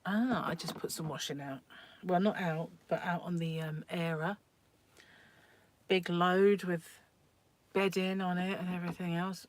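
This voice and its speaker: Chatty woman with a lower voice. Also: steady tone, a little slow, long pauses, dry recording. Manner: chatty, rambling, laughs often. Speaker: crochet livestream host. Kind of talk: casual chat reading viewer comments. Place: home.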